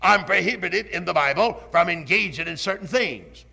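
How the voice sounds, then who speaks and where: An older man preaching a sermon, slow and emphatic, swinging up and down in his delivery. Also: high-pitched, vocal fry, bright, forceful tone, slightly rough.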